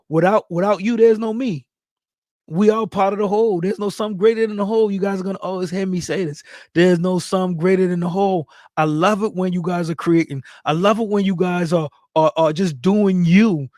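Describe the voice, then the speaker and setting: Man, high voice, dry close sound, hyped shout-outs, speech, casual livestream host. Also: fairly quick, no echo. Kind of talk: casual livestream chat reading viewer comments.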